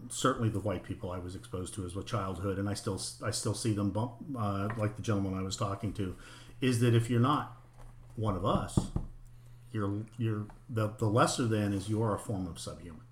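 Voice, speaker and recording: A middle-aged man in a casual, frank discussion, swearing freely and talking with animated emphasis. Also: lowish voice, fairly quick, reverberant, slight background noise. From United States, parents from Oklahoma and Arkansas.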